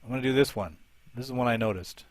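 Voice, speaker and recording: A man's voice: mid-range voice, quick pace, no room sound. A man hosting a live show, commentating game attack replays and thinking aloud as he looks for each one.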